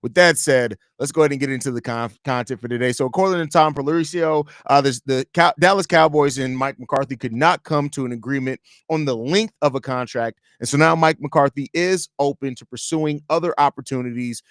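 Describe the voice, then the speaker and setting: A man's voice: mid-range voice, fairly quick, hardly any pauses, no echo, studio quality. A man hosting a casual sports talk livestream, speaking loosely and with strong opinions, and reading viewer comments aloud. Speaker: podcast host.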